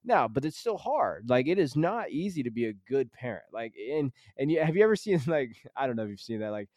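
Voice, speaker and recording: Dad podcast host rambling earnestly, lots of likes and restarts, dry close sound. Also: male voice, medium pitch, very animated, a little fast, darkish tone, no echo. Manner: rambling, with many restarts and filler words; earnest and emphatic. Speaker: high school psychology teacher. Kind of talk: casual chat.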